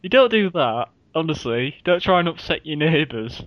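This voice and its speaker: A man's voice: a little high, sing-song, moderate pace, no echo, dull audio. A man co-hosting a casual podcast, bantering and laughing often between remarks. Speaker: podcast co-host. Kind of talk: casual chat.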